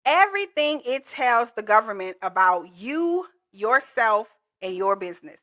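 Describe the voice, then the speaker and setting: A woman's voice: a little high, big pitch swings, a little slow, hardly any pauses, fairly bright tone. A woman coaching viewers in a live stream, talking in an emphatic, repetitive, colloquial way. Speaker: proposal coach.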